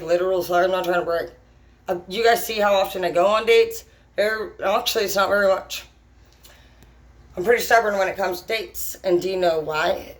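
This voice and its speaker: A woman's voice: medium pitch, fairly bright tone, poor audio. Blunt, foul-mouthed woman venting. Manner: blunt, heavy swearing, rambling; brash and unfiltered. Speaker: vlogger. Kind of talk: casual monologue to camera.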